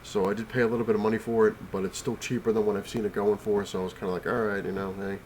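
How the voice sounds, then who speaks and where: A man's voice: on the low side, flat delivery, very fast, darkish tone, a little hiss or hum. A man vlogging from his couch while sick and out of breath, rambling casually with many fillers and restarts. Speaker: comic collector vlogger. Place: home, on the couch.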